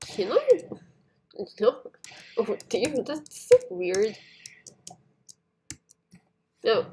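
A woman giving casual gameplay commentary to her viewers in non-native English phrasing, shouting at jumps. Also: high-pitched, drawn-out words, gravelly, slight background noise. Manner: excitable, talks to the viewers while playing, shouts at jumps. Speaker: gaming YouTuber.

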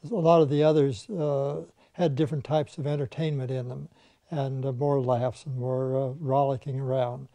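A man's voice: medium pitch, fairly even intonation, moderate pace, warm tone, dry recording. An older man, a veteran animation filmmaker, reminiscing in conversation and telling anecdotes in which he mimics the people he quotes.

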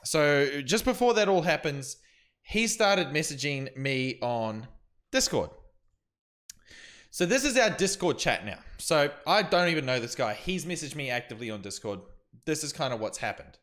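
Rambling streamer recapping. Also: male voice, a little high, very animated, moderate pace, a bit bright. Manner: rambling, filler-heavy storytelling. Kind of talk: commentary recap to camera.

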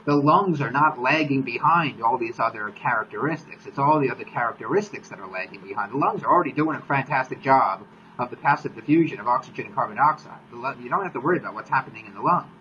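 Man, mid-pitched host lecturing on a live stream; teacherly and methodical, slightly muffled audio with a light hiss. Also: fast talker. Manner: teacherly, steady, repeats key points to link concepts. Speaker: host, exercise physiologist. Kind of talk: explanatory live-stream lesson. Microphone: live-stream mic.

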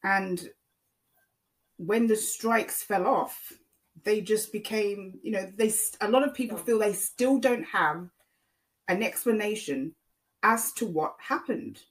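A woman's voice: medium pitch, slow pace, rough recording. A woman talking through a YouTube commentary monologue, rambling and repeating herself with frequent ums.

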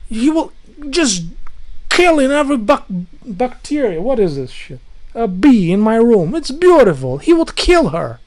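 A man's voice: extremely high pitch, big pitch swings, a little slow, darkish tone. Exasperated man ranting in broken English. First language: not English. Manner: exasperated ranting, swears often, restarts a lot. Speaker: vlogger. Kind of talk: casual rant to camera.

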